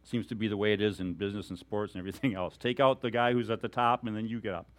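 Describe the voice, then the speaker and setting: A male pastor giving a sermon in an animated, storytelling way, chuckling often as he talks. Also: lowish voice, fast.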